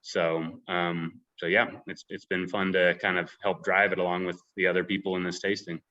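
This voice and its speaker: A man's voice: low voice, normal speed, dull audio. A man on a video call, talking casually with many fillers and restarts. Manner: hesitant, filler-heavy, relaxed. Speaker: head distiller. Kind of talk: casual panel talk.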